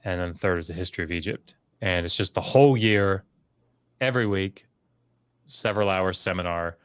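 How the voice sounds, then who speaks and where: A middle-aged man with a low voice tells a long story in casual conversation, with many fillers and restarts. He gets livelier when he acts out what others said. The recording is dry and close, with no room sound. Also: brisk, smooth, no echo. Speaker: podcast guest, scholar.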